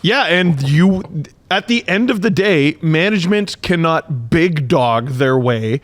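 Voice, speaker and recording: A man's voice: a little high, animated, slow pace. A man hosting a podcast, talking sports in a casual, exasperated, exclamatory way. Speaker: podcast host.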